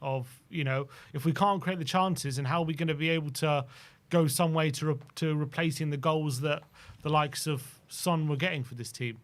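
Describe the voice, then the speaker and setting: Measured male fan-channel presenter. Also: fairly high pitch. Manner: measured, sets up long questions. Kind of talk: post-match interview questions.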